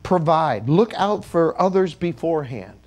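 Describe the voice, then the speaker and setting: A man preaching in a church with a high, lively voice that swings up and down. He jokes with the congregation and has them repeat key words after him. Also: unhurried. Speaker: bishop. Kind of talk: sermon.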